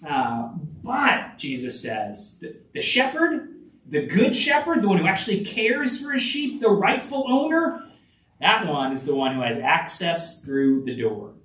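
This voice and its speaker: Animated man preaching in an echoey room. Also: a little slow, recorded from a distance. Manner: earnest, with frequent restarts and lively rises in pitch. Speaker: pastor. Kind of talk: sermon.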